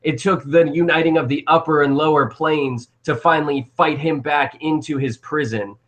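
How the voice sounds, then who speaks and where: A man voicing an old male guardian who tells an ancient tale slowly and grandly. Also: fairly high pitch, fairly even intonation, fairly bright tone, dull audio, close to an everyday voice. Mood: lofty.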